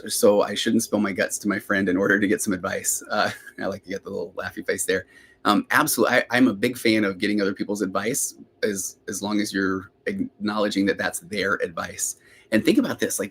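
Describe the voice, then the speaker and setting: A man's voice: on the low side, husky. A middle-aged man, a therapist hosting a live question-and-answer podcast, talking in a rambling, chatty way that often breaks off and restarts. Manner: rambling, self-interrupting, chatty.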